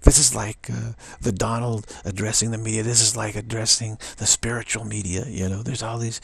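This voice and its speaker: A man's voice: fairly low pitch, flat delivery, a little fast, vocal fry, fairly bright tone, husky, no echo. A man giving a spiritual talk, taunting and challenging in a mocking tone. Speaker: spiritual teacher.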